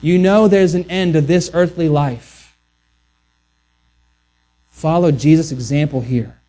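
Guy preaching, kinda higher voice, earnest, stumbles and restarts a lot. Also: fairly even intonation, takes it slowly, warm tone. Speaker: pastor. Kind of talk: sermon.

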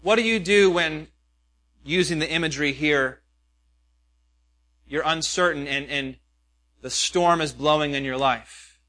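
A man's voice: on the high side, unhurried, long pauses, bright, forceful tone. A pastor preaching a sermon, earnest and questioning, with many rhetorical questions to his listeners.

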